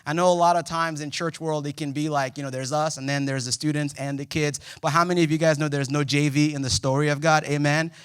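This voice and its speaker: A young man preaching a sermon in a church, conversational and joking, with sudden loud emphasis. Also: a little high, flat delivery, fast talker, few pauses, clear, resonant tone, dry recording, studio quality. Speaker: pastor. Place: church auditorium.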